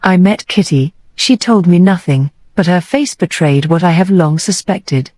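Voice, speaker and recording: An anxious young heroine speaks with heartfelt emotion, as a woman reading an audiobook voices her. The tone is low and mellow in a dry, close recording. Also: unhurried, dry recording.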